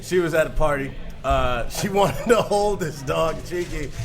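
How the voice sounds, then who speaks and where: A man's voice: on the high side, normal speed, faint music behind. A man co-hosting a live comedy podcast, telling crude anecdotes in a laid-back way.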